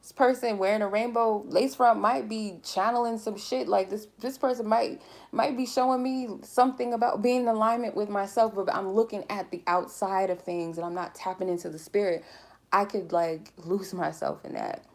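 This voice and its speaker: A woman's voice: medium pitch, steady tone, normal speed, darkish tone. A woman giving a collective tarot reading in a casual, rambling way, speaking candidly and swearing freely. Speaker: tarot reader.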